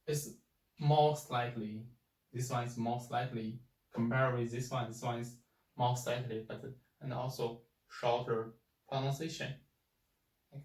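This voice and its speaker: A man teaching a pinyin lesson, halting and repeating words as he demonstrates sounds aloud. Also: medium pitch, fairly even intonation, distant mic. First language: Chinese. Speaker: Chinese language teacher. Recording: echoey room, mic set back.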